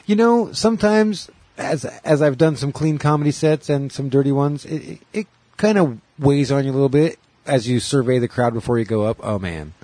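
A man's voice: mid-range voice, expressive, moderate pace, hardly any pauses, mellow, no echo. A man who does stand-up comedy, chatting crudely and jokily as a podcast host. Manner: crude, joking, profane. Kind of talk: casual chat.

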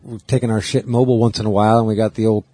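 Low mellow laid-back podcast host. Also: male voice, little pitch movement, racing, breathy edge, no room sound. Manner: laid-back, swears casually. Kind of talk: casual podcast chat.

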